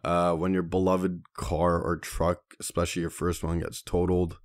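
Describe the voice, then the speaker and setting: A man's voice: sits low, completely flat delivery, normal speed. A young man hosting a solo podcast, telling stories in a slangy, profane way and calling listeners dude and man. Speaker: podcast host. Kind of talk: casual solo podcast monologue.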